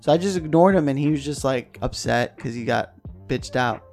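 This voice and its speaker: Gravelly man telling a rowdy story. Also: medium pitch, moderate pace, faint music behind. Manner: profane, animated storytelling, acts out voices. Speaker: podcast co-host. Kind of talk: casual storytelling chat.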